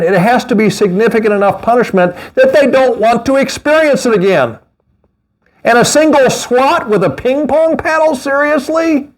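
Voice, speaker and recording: A middle-aged man preaching a sermon as pastor, animated, with mocking asides and laughter. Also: extremely high pitch.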